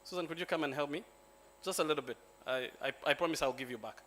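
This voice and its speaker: A Ugandan man, a lawyer, giving a joking, relaxed talk at a conference. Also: fairly high pitch, fast talker, a little hiss or hum. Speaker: lawyer and speaker. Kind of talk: symposium presentation. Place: conference hall.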